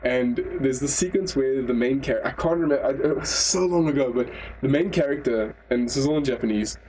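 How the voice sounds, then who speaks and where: A man co-hosting an anime review podcast, talking casually in rambling, animated stretches full of restarts. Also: medium pitch, fairly quick, slight background noise, rough recording.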